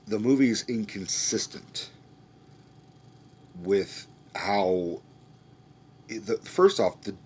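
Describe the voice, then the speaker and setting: A young man with a low, deep voice rants about a film in a loose, rambling way. He swears freely and restarts sentences as he goes. Faint noise sits behind him. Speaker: movie review ranter. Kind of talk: casual spoken movie review rant.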